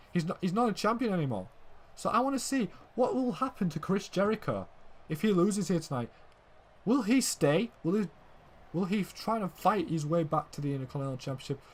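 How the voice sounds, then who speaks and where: Excitable young male wrestling commentator. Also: sits high, fast. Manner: excitable, shouting when the action peaks, then calmer recap; repeats "ladies and gentlemen" often.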